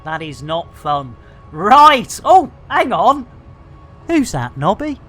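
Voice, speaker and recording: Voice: medium pitch, big pitch swings, takes it slowly, a bit bright, faint music behind. A streamer, chatting boisterously and cracking jokes while playing a space game. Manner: boisterous, jokey, rambling.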